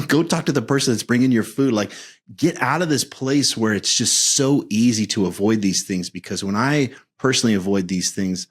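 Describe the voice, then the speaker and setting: Guy in his 50s, lowish voice, thinking out loud on a podcast, earnest and searching. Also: breathy edge. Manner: earnest, searching, restarts phrases. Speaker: guest men's coach. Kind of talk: reflective podcast interview.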